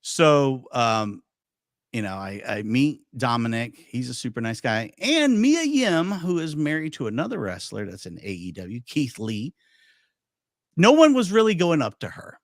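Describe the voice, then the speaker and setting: In a dry, studio-quality recording, a man with a medium-pitched, sing-song voice speaks at a measured pace. He hosts a podcast and chats casually, telling anecdotes packed with quoted dialogue.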